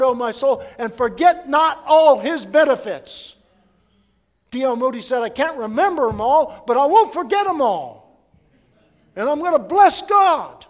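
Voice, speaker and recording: A man preaching a sermon as pastor, swinging from loud emphatic preaching to hushed prayer in a church sanctuary. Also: extremely high pitch, lively intonation, a little slow, in a large hall.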